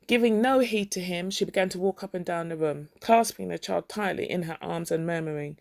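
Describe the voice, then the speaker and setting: Woman, story reader, gravelly voice, lowish pitch, measured reading, spells out hard words. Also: darkish tone. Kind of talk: reading a classic short story aloud.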